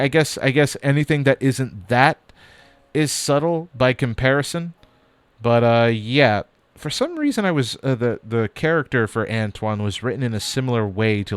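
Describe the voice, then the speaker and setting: A man's voice: medium pitch, clear, resonant tone. Male streamer, mid-range voice, loose rambling chat with casual cursing. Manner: rambling, chatty, casual swearing. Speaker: streamer building model kits.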